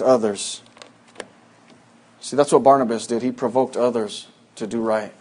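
A man's voice: medium pitch, fairly even intonation, moderate pace, long pauses, dark tone, slightly rough. A man preaching a sermon, telling a personal story in a folksy, rambling way with many fillers, in a church. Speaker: pastor.

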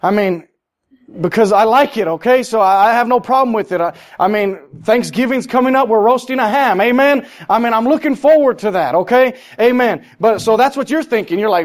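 A man with a high voice preaches a sermon to his church. He is emphatic, climbing up and getting louder when he scolds, then slowing down and dropping low to drive his point home. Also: animated. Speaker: pastor.

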